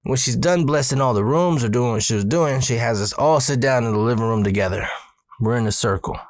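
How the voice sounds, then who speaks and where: A man's voice: mid-range voice, fairly quick, dry recording, studio quality. A man in his forties, a podcast host, casually retelling a personal ghost story with plenty of swearing. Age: 40s.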